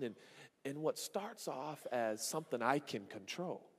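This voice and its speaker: A man preaching a sermon as a pastor, telling a story with lively, acted-out exclamations and quick asides to the congregation. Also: medium pitch, slightly rough, in a large hall.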